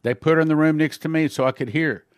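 Man, pastor, earnest testimony storytelling, slightly high voice, dry close sound. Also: steady tone, fast talker, smooth, no echo. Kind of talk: retelling a first-person testimony.

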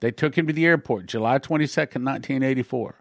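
A man's voice: medium pitch, fast, gravelly, fairly bright tone, dry recording, clean studio sound. A man, a pastor, earnestly retelling a first-person testimony as a story for his listeners.

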